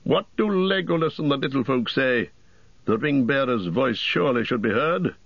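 A man's voice: medium pitch, expressive, normal speed, creaky, fairly bright tone, husky, no echo, muffled recording, voice pushed up, exaggerated voice. A man doing a blunt proud warrior. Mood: defiant.

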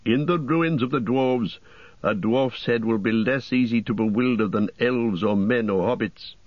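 A man reading the part of a wise old wizard in an audiobook, with a measured, solemn delivery. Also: medium pitch, no echo, muffled recording, close to an everyday voice. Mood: grave. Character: wise old male wizard, grave and commanding.

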